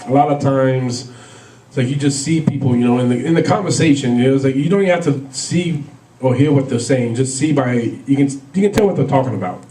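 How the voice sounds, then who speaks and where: Rambling stand-up comic, roomy and distant. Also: male voice, mid-range voice, fairly quick, hardly any pauses, mellow, slight background noise. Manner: rambling, filler-heavy storytelling with frequent laughs. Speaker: stand-up comedian. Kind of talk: stand-up comedy set.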